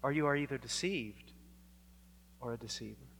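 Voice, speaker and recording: A man preaching a sermon, slow and deliberate, swinging between loud emphasis and hushed, quiet lines. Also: mid-range voice, breathy edge. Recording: hall reverb.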